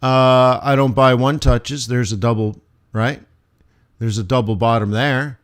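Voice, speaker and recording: A man teaching forex on a live stream, thinking aloud over charts with playful asides and sudden animated bursts. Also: mid-range voice, unhurried. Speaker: forex trading instructor. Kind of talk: live trading stream commentary.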